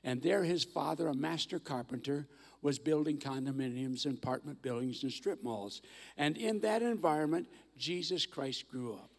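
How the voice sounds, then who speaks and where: A man's voice: fairly high pitch, normal speed, creaky. An older man in his eighties, a guest preacher giving a folksy, humorous sermon with stories in a large church sanctuary. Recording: long church hall reverb.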